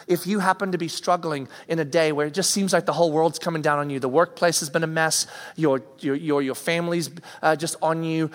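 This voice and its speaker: A man gives a conversational sermon, voice sitting a touch higher than usual. He acts out everyday reactions as he preaches. A long hall reverb trails behind every line. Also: fairly bright tone.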